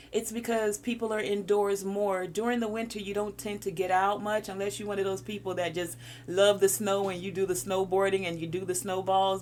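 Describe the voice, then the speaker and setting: A woman's voice: mid-range voice, a little mellow, slight background noise. A woman giving a spiritual encouragement talk, coaching listeners through breathing exercises. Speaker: spiritual guide.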